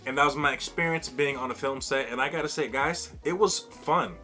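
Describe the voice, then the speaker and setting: A man vlogging to camera, telling a funny personal story in a casual, animated way and acting out what others said. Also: mid-range voice, brisk, faint music behind. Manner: animated, acts out other people's lines.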